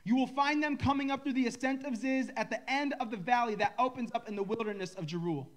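A man's voice: very high-pitched, lively intonation, normal speed, fairly bright tone, voice pushed up, full character voice. A man putting on the voice of a brash, know-it-all male messenger who talks in a cocky, emphatic way. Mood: hyped.

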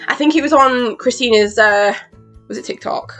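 Excitable woman rambling while doing makeup. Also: fairly high pitch, moderate pace, faint music behind. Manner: excitable, swears, acts out reactions. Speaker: beauty vlogger. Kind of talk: rambling get-ready-with-me chat.

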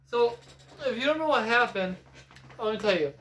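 A man's voice: extremely high pitch, lively intonation, moderate pace, a bit bright. A young man chatting casually about video games as a co-host, rambling and self-assured. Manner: rambling, self-assured, claims insider knowledge. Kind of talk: casual gaming chat. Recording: echoey room.

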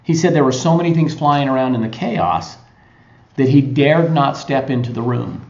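Man, gravelly voice, motivational podcast monologue, conversational with pauses, roomy echo, dull lo-fi sound. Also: mid-range voice, a little mellow. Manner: conversational retelling with frequent pauses. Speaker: podcast host. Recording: echoey lo-fi recording.

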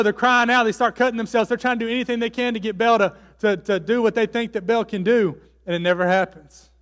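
High-voiced man preaching in a hall. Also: a bit bright. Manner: storytelling preacher, acts out quotes, many fillers. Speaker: pastor. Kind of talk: sermon. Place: church hall.

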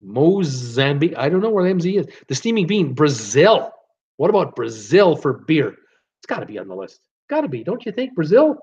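A man's voice: fairly high pitch, very animated, a little fast, a little mellow, breathy edge, lo-fi sound. A man from Canada hosting a casual live-stream trivia game, reading out viewer guesses and joking between them. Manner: reads viewer guesses aloud, chatty and joking.

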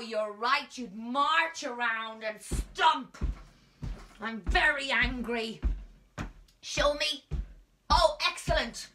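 Her voice is high-pitched with a sharp tone as the Irish drama teacher coaxes small children through a playful lesson, dropping to whispers now and then. It's recorded at home on a phone camera kept at a distance.

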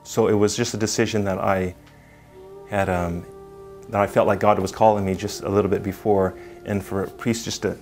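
A man's voice: on the low side, level tone, moderate pace, darkish tone, faint music behind. A man who is a priest, in a documentary interview, telling a story animatedly with frequent chuckles.

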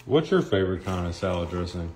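A man's voice: sits low, big pitch swings, quick pace, darkish tone, slight background noise. A man co-hosting a cooking video in a home kitchen, chatty and encouraging, asking questions as the food gets made. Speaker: co-host. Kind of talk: casual cooking chat.

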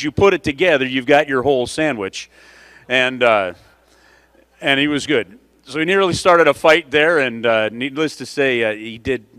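A man's voice: mid-range voice, a bit bright, dry recording. Chatty man telling a story on a dry mic. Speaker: conference emcee. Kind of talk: storytelling to an audience.

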